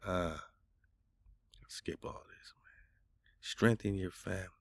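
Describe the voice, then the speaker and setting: A man with a very low, gravelly voice, hosting a casual radio talk. He speaks in a loose, colloquial way and argues back insistently. The sound is close and dry, with no room echo. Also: steady tone, slow pace. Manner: argumentative, colloquial, talks back at a chatbot. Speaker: radio show host.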